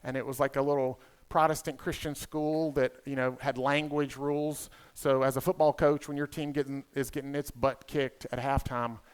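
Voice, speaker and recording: A man in his fifties with a Southern US accent, emceeing a conference as a comedian with quick, playful crowd work. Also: medium pitch, level tone, clean tone. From South Carolina. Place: conference hall stage.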